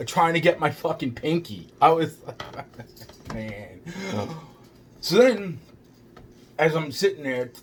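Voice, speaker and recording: A man's voice: fairly high pitch, a little hiss or hum. Agitated, profane man telling a story. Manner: heavily profane, agitated, repetitive. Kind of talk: rambling first-person storytelling.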